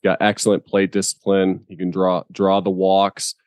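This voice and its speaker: A deep-voiced man co-hosts a relaxed sports podcast and talks in an easygoing way. He is quick to agree and laughs easily. His voice sounds dry and close to the mic. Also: smooth, no echo, dull audio. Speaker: podcast co-host. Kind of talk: casual sports chat.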